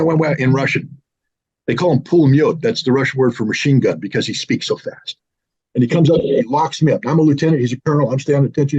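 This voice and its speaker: A man in his sixties from the United States, telling a personal story in a casual, animated way on his own show. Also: mid-range voice, husky. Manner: animated, with lively mimicry of others. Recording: slightly dull lo-fi sound.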